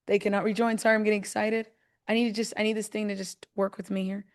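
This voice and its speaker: Female stream host, mid-range voice, casual and excitable, narrates her own trades live. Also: medium pitch, moderate pace. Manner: chatty and excitable, talks herself through each step. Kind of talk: live trading demo, talking to viewers.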